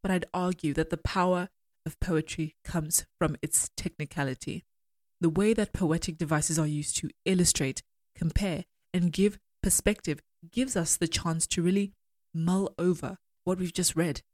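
A woman giving a measured, analytical critique of poems and reading lines aloud. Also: lowish voice, fairly even intonation, a little mellow, no echo, clean studio sound. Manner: measured, deliberate, argumentative. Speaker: poetry critic.

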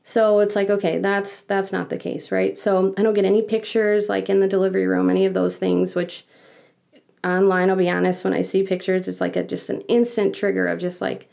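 A woman's voice: mid-range voice, fairly quick, vocal fry. A woman in her thirties, a podcast guest, retelling a personal story with feeling and acting out what others said. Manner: emotional, animated retelling with quoted voices.

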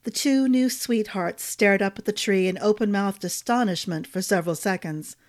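Female fantasy audiobook narrator and podcast host, steady read. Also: medium pitch, moderate pace.

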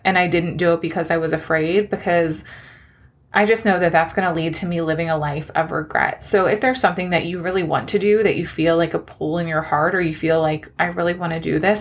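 A woman's voice: on the low side, fairly bright tone. A young woman hosting a solo podcast, chatting in a gushing, encouraging way with frequent laughs. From New Jersey. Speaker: podcast host and online coach. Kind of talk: solo podcast life update.

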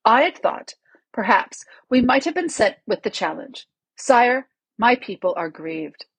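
A woman voicing a small proud male mouse knight with a shrill voice and courtly, formal speech. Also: big pitch swings, a little slow, breathy edge, no echo, full character voice, poor audio.

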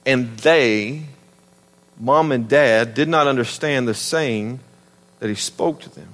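A man in his thirties with a Southern US accent, preaching a sermon in an animated, emphatic and conversational way. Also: mid-range voice, slow, long reverb tail. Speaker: pastor.

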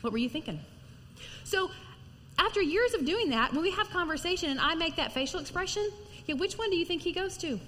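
Animated woman preaching in a reverberant hall. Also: very high-pitched, a little fast, slight background noise. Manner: lively, animated storytelling with acted-out quotes. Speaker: women's ministry speaker. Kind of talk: conversational sermon to women.

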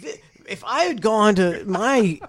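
Man, podcast co-host, rambling storyteller, slightly high voice, dry close recording. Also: expressive, slow, no echo. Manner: rambling, many fillers and restarts, laughs easily. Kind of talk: casual chat.

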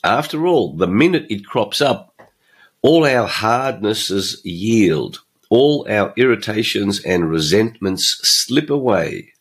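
A man's voice: on the low side, very animated, slow, slightly rough. A middle-aged man, hosting a motivational podcast monologue and stressing his points by repeating phrases. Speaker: podcast host and coach.

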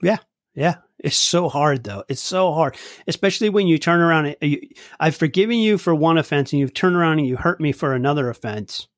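Animated man on a dry podcast mic. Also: fairly high pitch, brisk, no echo. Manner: animated, acts out quoted lines, laughs easily. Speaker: podcast co-host. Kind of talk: casual chat.

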